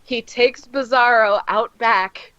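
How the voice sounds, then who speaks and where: A woman's voice: fairly high pitch, steady tone, takes it slowly, fairly bright tone, clean tone, dry recording, muffled recording. Woman gushing on a comics podcast. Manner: rambling and effusive, many fillers, acts out scenes. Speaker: podcast co-host reviewing comics. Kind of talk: casual chat.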